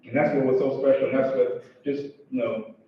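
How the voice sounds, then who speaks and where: A man's voice: medium pitch, little pitch movement, fairly quick. A man, a son, giving a heartfelt, conversational eulogy with joking asides. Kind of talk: emotional eulogy speech. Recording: echoey, distant, dull sound with faint background noise.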